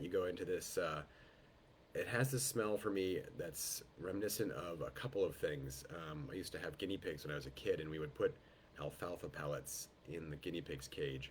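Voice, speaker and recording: A man hosting a live online wine tasting over a video call, his voice thickened by a head cold. He talks in an unhurried, descriptive way and greets guests by name. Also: low voice, a little hiss or hum. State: head cold, voice lowered in the throat.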